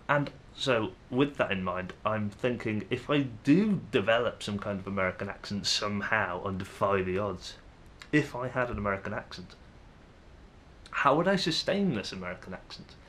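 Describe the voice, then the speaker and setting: A young Englishman with an English accent vlogs to camera, musing in a rambling, hesitant way full of fillers and restarts. His voice is on the low side and a bit bright, with lively intonation and a moderate pace, over slight background noise.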